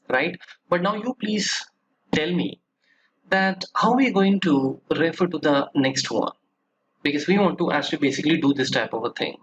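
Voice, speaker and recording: A man teaching a software tutorial over a screen recording, chatty and explanatory, often checking in with "right?" and stressing points with rising emphasis. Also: a little high, highs cut off, a little hiss or hum. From India. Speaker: software trainer.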